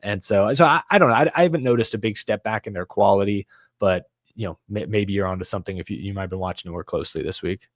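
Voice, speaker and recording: A man's voice: fairly low pitch, fast talker, dry recording, clean studio sound. A man hosting a casual racing podcast chat, leading the talk and running through standings. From American South. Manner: animated, runs through stats, leads the discussion. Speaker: podcast host.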